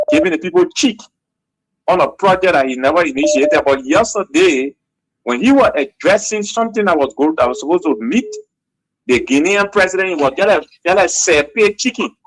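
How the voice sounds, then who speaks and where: A man with a Liberian English accent calls in to a radio show, heated and critical, and hammers the same points again and again. His voice is fairly high. The sound is dry and close. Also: expressive, fairly quick, no room sound, low-quality recording. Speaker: caller. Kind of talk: call-in radio talk.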